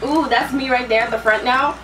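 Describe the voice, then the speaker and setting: A woman's voice: fairly high pitch, a little fast, noisy background. A young woman in her twenties, vlogging casually and getting hyped as she reacts. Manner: excitable, hyped, slangy. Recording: distant voice over loud music and crowd.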